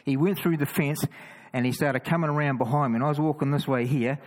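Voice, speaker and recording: A man with a New Zealand accent, casually telling stories of walking the roads with a cross, full of quick restarts and chatty asides. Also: fairly high pitch, steady tone, low-quality recording. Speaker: cross-carrying Christian walker. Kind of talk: casual storytelling testimony.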